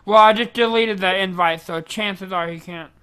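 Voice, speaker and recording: A man with a noticeable lisp chatting on an online show, often pausing on "um". His voice is bright and forward, and his mic connection sometimes turns robotic and glitchy. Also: high voice, smooth. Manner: hesitant, lots of "um". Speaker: co-host. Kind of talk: casual podcast chat.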